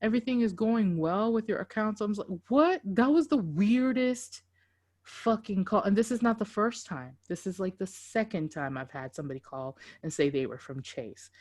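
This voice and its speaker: A woman co-hosting a podcast, casual and loud, swearing freely and laughing through animated stories. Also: medium pitch, moderate pace. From Dallas–Fort Worth area, Texas. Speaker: podcast co-host. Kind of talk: casual chat.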